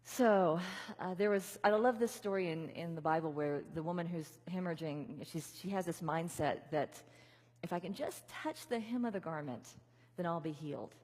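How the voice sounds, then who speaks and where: A woman's voice: on the low side, moderate pace, a little mellow. A woman minister giving a conversational sermon, leading her congregation in repeated affirmations. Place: large church venue. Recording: reverberant hall.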